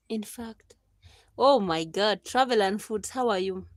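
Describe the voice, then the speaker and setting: A woman's voice: medium pitch, a little slow, no room sound. A Kenyan woman in her thirties chatting casually on her live stream, laughing often and slipping into preachy advice.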